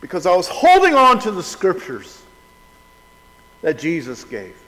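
A middle-aged man preaching a sermon in a relaxed, conversational way, often restarting his sentences. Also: sits high, a little slow, long reverb tail, rough recording. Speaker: pastor.

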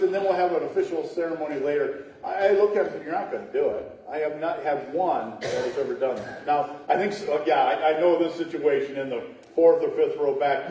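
A man's voice: on the high side, mellow, slight background noise. A middle-aged man, a pastor, telling humorous wedding stories in a chatty sermon with laughing asides and acted-out voices. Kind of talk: storytelling sermon. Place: church sanctuary. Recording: echoey church hall from far off.

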